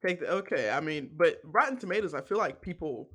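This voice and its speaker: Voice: mid-range voice, expressive, fairly quick, fairly bright tone, slightly rough. A podcast co-host talking casually and candidly about a film, with many fillers and laughs. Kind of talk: casual film review chat.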